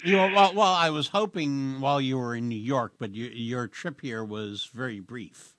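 A man hosting a radio show, chatting casually in a halting, rambling way with lots of fillers and restarts. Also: mid-range voice, a bit bright, dry recording. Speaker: radio host. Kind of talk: casual radio interview chat.

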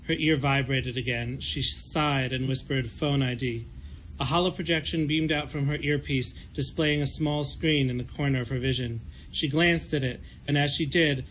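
A man, an author, giving a steady, measured reading of his own fiction. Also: mid-range voice, slight background noise.

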